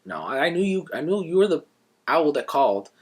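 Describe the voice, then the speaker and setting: A man's voice: on the high side, sing-song, a little fast, husky, pitched above the performer's own voice. A man voicing a frail, scheming ancient owl. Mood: sly. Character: ancient sly cannibal male owl, frail.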